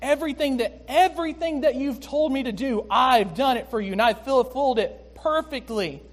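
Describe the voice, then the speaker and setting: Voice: high-pitched, moderate pace, pitched above the performer's own voice. A preacher putting on an indignant older brother. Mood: self-righteous. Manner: raised, protesting outburst. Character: indignant older brother, young man, resentful.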